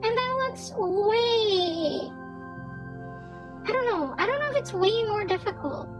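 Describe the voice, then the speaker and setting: A woman's voice: extremely high pitch, animated, takes it slowly, music in the background. A woman streaming a game and chatting casually, rambling and repeating words while she thinks.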